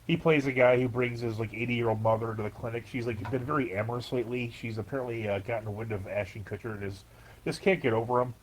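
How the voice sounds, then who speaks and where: A man co-hosting a podcast, chatting in an animated, rambling way full of fillers. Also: mid-range voice, fast, rough recording. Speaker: podcast co-host. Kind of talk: casual chat recapping a TV episode.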